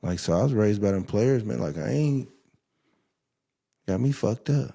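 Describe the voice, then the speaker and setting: A young adult man hosting a casual podcast chat, telling stories and ranting in a profane, mocking, animated way. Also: fairly low pitch, moderate pace, gravelly, long pauses, husky. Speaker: podcast host.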